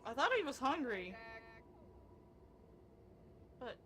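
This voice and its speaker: High-pitched and slow, a young woman offers giggly, casual commentary while playing a life-simulation game. She's excitable and chatty, laughing frequently.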